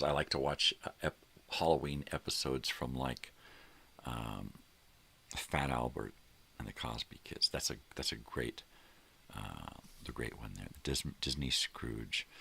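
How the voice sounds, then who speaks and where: A man's voice: very deep voice, gravelly, sharp tone, slightly rough. An older man hosting a morning show, talking in a casual, rambling monologue full of fillers that trail off.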